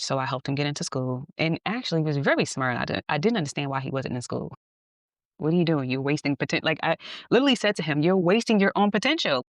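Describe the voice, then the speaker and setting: A woman podcast host telling a personal story in a candid, animated way, laughing at times. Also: deep voice, no room sound, studio quality. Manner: animated, candid, acts out dialogue, laughs often.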